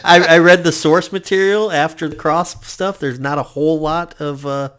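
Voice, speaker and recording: A man's voice: a little high, fairly even intonation, moderate pace, fairly bright tone, smooth. Chatty joking man on a podcast. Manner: laughs often, chatty and joking. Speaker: podcast co-host. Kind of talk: casual chat.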